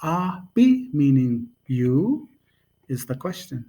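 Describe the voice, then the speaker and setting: A man gives a relaxed, casual language lesson at a very slow pace, pausing often and filling the gaps with ums and uhs. His voice is husky and a little breathy, with mid-range pitch. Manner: unhurried, hesitant, with many pauses and fillers. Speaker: language teacher.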